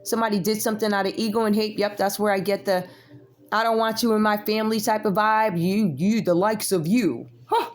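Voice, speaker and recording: A woman's voice: mid-range voice, steady tone, quick pace, soft background music. A woman, giving a casual tarot reading with sassy, chatty asides to her viewers. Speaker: tarot reader.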